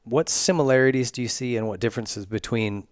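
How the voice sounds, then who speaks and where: A man's voice: medium pitch, fairly quick, no room sound, studio quality. A man hosting a podcast interview, asking easygoing questions full of fillers. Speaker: podcast host. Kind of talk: casual interview chat.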